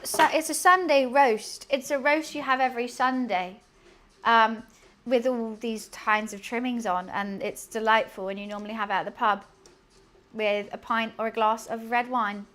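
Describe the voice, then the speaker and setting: A woman's voice: on the high side, fairly even intonation, normal speed, a bit bright. A young woman streaming from her home kitchen, chatting casually as she cooks. She giggles often and keeps losing her train of thought. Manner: chatty, giggly, easily distracted. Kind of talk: casual live-stream cooking chat.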